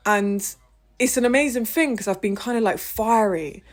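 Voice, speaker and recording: A woman, talking frustratedly and emphatically in a heated personal monologue and swearing often. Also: normal speed. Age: 20s. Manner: impassioned, with big swings in pitch and loudness. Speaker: vlogger.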